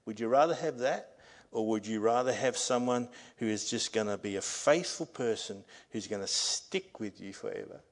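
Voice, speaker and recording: A man's voice: on the low side, moderate pace. Earnest male pastor preaching. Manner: earnest preaching that swells to loud, emphatic reading. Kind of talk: sermon. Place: church service. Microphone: microphone.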